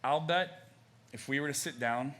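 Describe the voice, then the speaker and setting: A man's voice: medium pitch, moderate pace, fairly bright tone. A man preaching a sermon in church, talking conversationally with many fillers and restarts and acting out quoted phrases. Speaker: pastor. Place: church stage.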